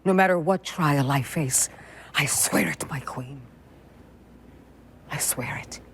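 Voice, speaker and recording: A woman's voice: lowish voice, heavily acted. A woman voicing a devoted forest guardian, swearing solemn vows. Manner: solemn, vowing.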